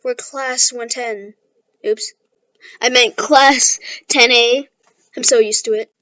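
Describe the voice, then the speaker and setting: Chatty high-voiced woman retelling a story. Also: steady tone, slow pace, bright, forceful tone. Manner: chatty, self-deprecating, full of "like". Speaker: fan storyteller.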